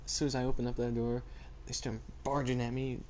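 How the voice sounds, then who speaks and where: A man's voice: medium pitch, little pitch movement, fairly quick, darkish tone, a little hiss or hum. A teenage boy chatting casually and rambling as he tells stories in a vlog. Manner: rambling, laid-back storytelling. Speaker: vlogger. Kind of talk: casual chat.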